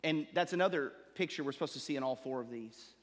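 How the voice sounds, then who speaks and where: In a big, echoing sanctuary, a pastor with a strikingly high and light voice preaches, surging with mounting emphasis and then sinking into quiet, slow lines for weight. The hall's long reverb lingers behind each phrase.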